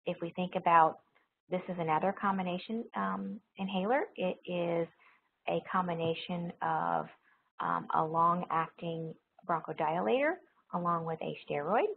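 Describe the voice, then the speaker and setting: Gravelly woman lecturing over a tinny line. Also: lowish voice, unhurried, slight background noise. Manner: explanatory, repeats key points, frequent ums. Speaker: nursing pharmacology instructor. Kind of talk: recorded lecture.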